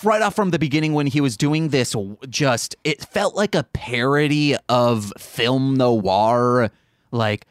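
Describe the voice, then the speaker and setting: A man co-hosting a podcast in casual chat, relaxed and teasing, with bursts of enthusiasm. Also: mid-range voice, measured pace, dry recording, studio quality. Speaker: podcast co-host.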